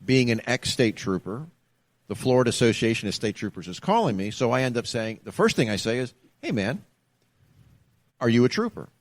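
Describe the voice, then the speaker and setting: Animated middle-aged man telling a story. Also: mid-range voice, a little fast. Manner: animated, acts out the calls. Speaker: podcast co-host, ex-trooper. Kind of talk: casual storytelling chat. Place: bar.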